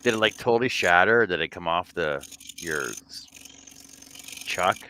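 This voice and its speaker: A man's voice: low voice, normal speed, sharp tone, slight background noise. A man from Canada hosting a casual livestream chat, reading viewer comments with jokes and frequent laughter. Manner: laughs often, jokey. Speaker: livestream host.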